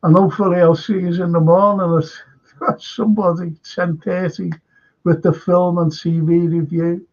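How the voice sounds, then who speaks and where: Older scouse guy chatting on his live stream, kinda husky, muffled lo-fi sound. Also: high voice, level tone, normal speed, a little mellow. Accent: Liverpool. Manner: rambling, chatty, greets viewers and reads chat comments. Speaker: live stream current affairs host. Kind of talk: casual live-stream chat. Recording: dull lo-fi stream audio.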